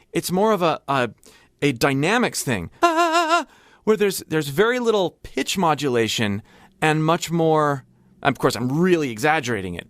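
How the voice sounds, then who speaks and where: A man's voice: fairly high pitch, dry recording. A man hosting a casual music reaction, explaining what he hears and thinking aloud. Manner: explanatory, thinks aloud, sings snippets to demonstrate. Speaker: host. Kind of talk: casual music analysis while listening.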